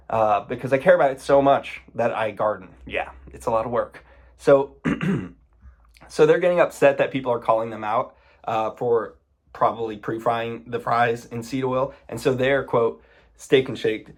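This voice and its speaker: A man's voice: medium pitch, normal speed. A man giving casual commentary, sarcastic and indignant, often breaking into exasperated outbursts.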